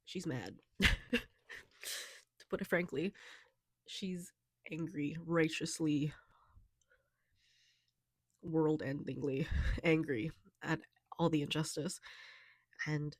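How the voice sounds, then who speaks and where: A young woman talking softly and haltingly in a personal vlog, tearful and emotional, with many fillers. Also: deep voice, vocal fry, dry recording, studio quality. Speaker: vlogger.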